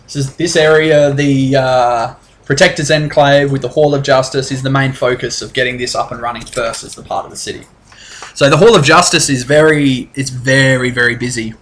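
Bright-voiced man running a tabletop game. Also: mid-range voice, fairly even intonation, moderate pace. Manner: rambling, restarts often, laughs easily. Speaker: game master.

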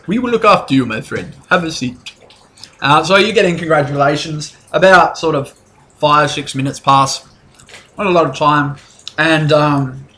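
A man's voice: medium pitch, fairly bright tone. A young man narrating as game master of a tabletop game, rambling and casual with many fillers.

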